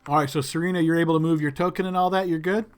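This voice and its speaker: A man's voice: on the high side, fairly even intonation, racing, faint music behind. A man narrating as game master for a tabletop role-playing game, describing scenes in a loose way with many fillers.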